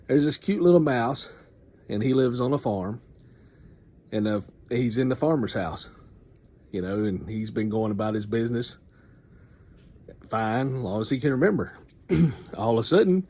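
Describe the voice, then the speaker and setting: A man casually retelling a folksy farm story in a rambling way, often clearing his throat. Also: mid-range voice, mellow.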